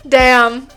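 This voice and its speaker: A young woman with a high voice chats casually and giggles with her stream viewers, and she reads their messages aloud. Faint music plays behind her. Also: pushed and bright. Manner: giggly, chatty, reading chat aloud. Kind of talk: casual chat.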